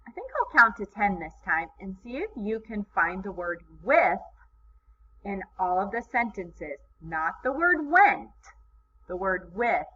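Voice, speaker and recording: A woman teaching kindergarten in a recorded video lesson, with slow, encouraging, sing-song teacher talk. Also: medium pitch, very animated, bright, forceful tone, husky. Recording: slightly dull lo-fi sound, faint background noise.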